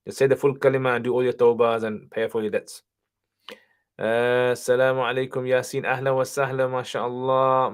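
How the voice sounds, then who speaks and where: A man hosting a casual livestream Q&A while driving, reading viewer questions aloud and answering them in a relaxed, chatty way. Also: medium pitch. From England. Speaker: channel host, Islamic teacher. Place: car, driving while streaming.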